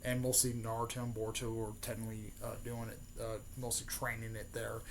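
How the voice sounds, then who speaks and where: A man's voice: lowish voice, completely flat delivery, brisk, a little hiss or hum. A young man casually retelling a made-up story for his video channel, rambling with lots of fillers and restarts. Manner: rambling, many fillers and restarts, keeps adding "there" and "mostly". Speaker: YouTuber. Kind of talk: casual fan-theory storytelling.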